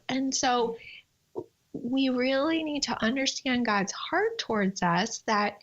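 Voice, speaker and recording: A woman speaking as a podcast guest, lively and expressive, often jumping up in pitch to act out her own prayers. Her voice sits a little high, and it comes through a dull, lo-fi line. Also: slow pace. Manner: animated storyteller, acts out prayers in a high voice. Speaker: guest, time management coach. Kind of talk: faith podcast conversation.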